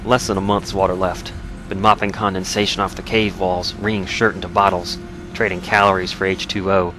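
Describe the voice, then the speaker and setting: A man's voice: low-pitched, level tone, fairly quick, music in the background, lightly acted, poor audio. A man voicing a grieving, hardened lone survivalist who speaks in clipped fragments with a slight Southern drawl. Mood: weary.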